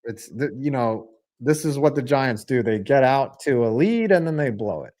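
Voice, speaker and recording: A young man streams a live football game, calling the plays, reading chat, and cracking crude jokes. His mid-range voice moves at a normal speed, and his jokey, profane delivery swings from flat mutters to excited outbursts as a streamer and sports commentator.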